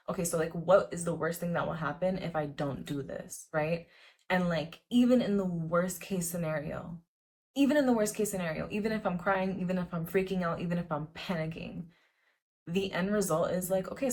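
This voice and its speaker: Chatty young woman vlogger, lower voice. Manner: chatty, repetitive, lots of "like" fillers; earnest, encouraging. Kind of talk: casual motivational talk to camera.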